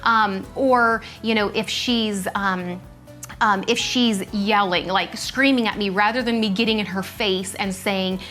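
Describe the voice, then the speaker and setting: A woman's voice: medium pitch, a little slow, soft background music. A woman co-hosting a casual chat show, talking animatedly and acting out what people say in a shifting voice. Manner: animated, acts out quoted speech in a shifting voice. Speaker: podcast co-host.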